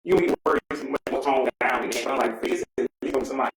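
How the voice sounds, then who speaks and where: A man's voice: medium pitch, little pitch movement, racing. Profane ranting man, echoey room. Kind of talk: casual rant. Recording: echoey room with faint noise.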